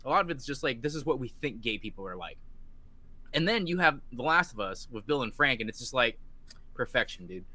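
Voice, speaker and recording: Bright excitable man in a dry room. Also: medium pitch, brisk, no echo. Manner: excitable, swears a lot, gushes emotionally. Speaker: podcast co-host. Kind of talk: casual podcast chat.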